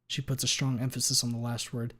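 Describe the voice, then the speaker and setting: A man reading a story to his stream audience at a middle pitch. His delivery is steady and plain, with quick, playful asides when he loses his place. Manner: reads steadily, owns up to slips with playful asides. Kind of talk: casual live reading.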